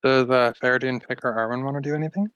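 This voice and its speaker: A man as game master, narrating a tabletop game in a halting way with many fillers. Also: mid-range voice, fairly bright tone, smooth, no echo, muffled recording.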